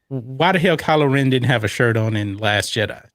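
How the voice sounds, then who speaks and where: A man's voice: medium pitch, animated, moderate pace, fairly bright tone, no room sound. A man hosting a podcast, chatting casually through a movie watch-along and reading out viewer comments. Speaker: podcast host.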